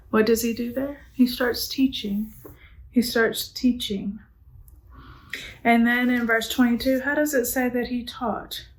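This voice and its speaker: A woman's voice: on the high side, poor audio. A woman teaching a middle school Bible lesson, chatting casually and asking the class questions that she then answers herself. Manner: casual and conversational, with frequent "like". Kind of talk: church youth Bible lesson.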